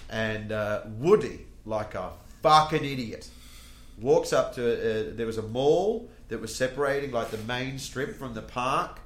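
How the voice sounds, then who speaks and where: An Australian man, a comedian, telling a story in casual podcast chat, swearing freely and getting animated. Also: medium pitch, measured pace, roomy sound. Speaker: comedian guest.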